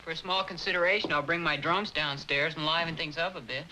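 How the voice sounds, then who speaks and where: An actor playing a teasing, wisecracking younger brother in a 1950s sitcom, dry and cocky. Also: male voice, fairly high pitch, steady tone, quick pace, bright, forceful tone, a little hiss or hum, poor audio.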